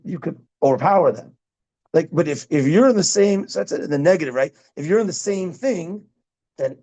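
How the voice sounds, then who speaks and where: This rabbi, a middle-aged man educated in Israel who speaks Hebrew, wanders through a casual parenting lesson, interrupting himself and repeating words. His voice is a little high, creaky and mellow, and the recording is rough.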